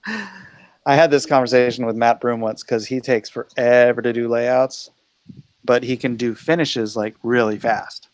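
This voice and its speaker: A man's voice: mid-range voice, measured pace, dry recording. A man co-hosting a casual livestream chat, joking loosely with the others. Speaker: livestream co-host.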